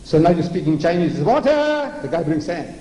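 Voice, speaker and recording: An older man from South Africa lectures to a crowd with sarcastic, theatrical mockery. His voice sits high but sounds mellow. It rings through a big hall with a long reverb. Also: fairly even intonation, quick pace. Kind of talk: public religious lecture. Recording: echoey lecture hall with faint noise.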